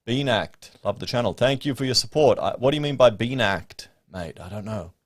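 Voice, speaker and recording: A man's voice: mid-range voice, expressive, fairly quick, no room sound. An Australian man hosting a casual livestream, chatting and rambling to his viewers. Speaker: livestream host. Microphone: podcast studio mic. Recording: dry close-miked sound.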